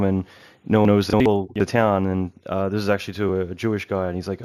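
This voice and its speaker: A man's voice: on the low side, steady tone, fast talker, a little mellow, no room sound, clean studio sound. A man hosting an interview, asking long, rambling questions in casual chat. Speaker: podcast host.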